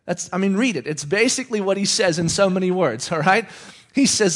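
A man's voice: high voice, animated, fairly quick. A male preacher giving a conversational sermon, often checking in with his listeners with "okay?".

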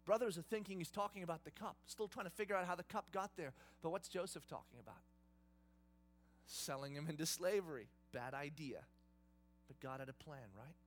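A man preaching a sermon, retelling a story in a lively, conversational, dramatic way. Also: fairly high pitch, a little fast, soft background music. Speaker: pastor.

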